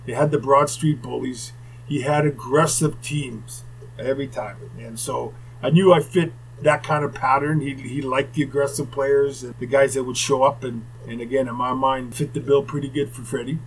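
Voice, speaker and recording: An older former hockey player telling rambling anecdotes in casual conversation, with asides. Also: male voice, medium pitch, steady tone, moderate pace, slightly rough, low-quality recording. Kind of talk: casual storytelling.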